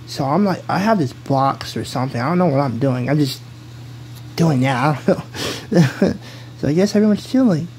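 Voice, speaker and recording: A man's voice: on the high side, expressive, moderate pace, a little mellow, a little hiss or hum, low-quality recording. A man casually telling a made-up hero story, giggling and rambling, often breaking off mid-sentence.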